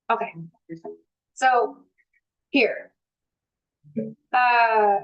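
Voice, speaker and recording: A woman's voice: a little high, poor audio. A woman giving a candid spiritual talk on a live stream, swearing freely and acting out her inner thoughts, later reading aloud from a book. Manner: reads aloud from a book slowly.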